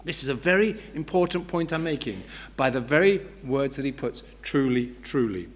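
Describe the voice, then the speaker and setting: A man's voice: fairly high pitch, expressive. Preacher man stressing key words. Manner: explains slowly, repeats key words for emphasis. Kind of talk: expository sermon.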